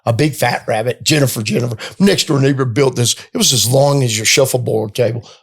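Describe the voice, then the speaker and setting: A man's voice: mid-range voice, a little fast, breathy edge. A middle-aged man, the guest and father of a host, joking and teasing in a casual podcast chat.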